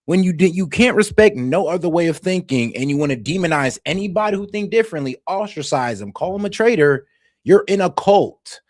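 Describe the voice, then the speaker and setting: A man's voice: sits high, animated, fairly quick, no room sound, studio quality. Passionate swearing male stream host. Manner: passionate, swearing, swings from shouting to quiet. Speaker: stream host reacting to videos. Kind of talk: heated casual commentary.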